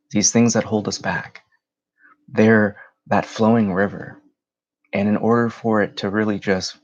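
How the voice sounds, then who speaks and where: A man leading a guided meditation in a slow, soothing voice with drawn-out phrases. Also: deep voice, creaky, highs cut off. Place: home.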